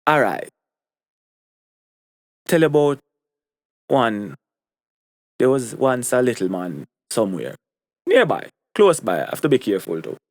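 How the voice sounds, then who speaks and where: A man's voice: medium pitch, sing-song, unhurried, long pauses, no echo, studio quality. A young man with a Jamaican accent giving an opinion monologue to camera, repeating his points for stress. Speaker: commentary vlogger.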